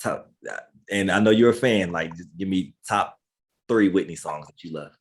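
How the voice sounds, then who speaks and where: A man hosting a podcast, chatting casually and chiming in playfully with quick reactions. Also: deep voice. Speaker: podcast host. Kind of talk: casual chat.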